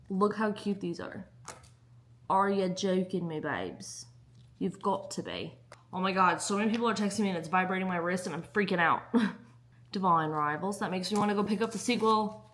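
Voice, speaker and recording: A woman's voice: mid-range voice, steady tone, fairly quick, long pauses, pushed and bright. A young woman chatting casually in a book vlog, bubbly and giggly. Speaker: book vlogger.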